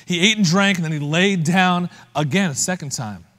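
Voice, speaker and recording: A man's voice: high-pitched, moderate pace, fairly bright tone, long reverb tail. A man preaching a sermon as pastor, talking conversationally and asking the listeners direct questions. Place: church.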